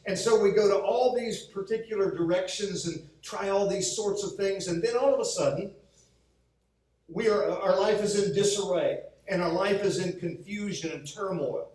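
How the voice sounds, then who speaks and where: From a church sanctuary, a pastor with a high, slightly mellow voice preaches at normal speed, telling funny stories and performing the lines he quotes. The mic sits far off in a very echoey hall.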